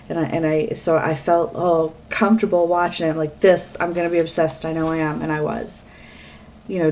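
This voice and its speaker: Rambling, chatty woman with a low voice. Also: darkish tone, a little hiss or hum. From Pennsylvania, US East Coast. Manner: rambling, chatty, self-interrupting. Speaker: vlogger. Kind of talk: casual talk to webcam. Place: at home, alone. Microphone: webcam.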